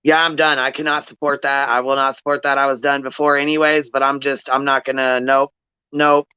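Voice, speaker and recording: A man's voice: mid-range voice, level tone, brisk, sharp tone, clean tone, no echo. A man hosting a commentary channel, venting in an angry rant with heavy swearing and repeated phrases. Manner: angry, profane, repetitive. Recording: dull lo-fi audio.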